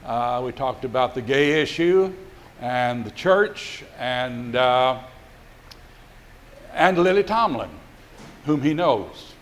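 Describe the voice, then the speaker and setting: A man's voice: mid-range voice, lively intonation, slow pace, long pauses. Older man, pastor, sermon storytelling, folksy, rambling, lots of fillers. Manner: folksy, rambling anecdotes with many fillers and restarts.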